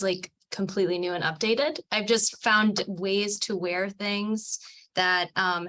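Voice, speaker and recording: A woman's voice: mid-range voice, bright, forceful tone. A woman chatting on a video call in an upbeat, casual way. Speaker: panel speaker.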